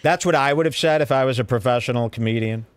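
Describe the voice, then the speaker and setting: A man's voice: mid-range voice, fast talker, clean tone, dry recording. A man hosting a podcast, giving sarcastic, mocking commentary on comedy clips. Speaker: podcast host reviewing clips. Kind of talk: casual commentary.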